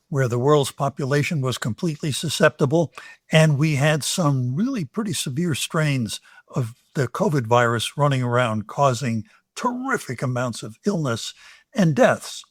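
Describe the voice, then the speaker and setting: An older man from the United States, an infectious disease expert answering interview questions in a measured, explanatory way with emphatic pauses and soft asides. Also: a little high, no room sound, clean studio sound.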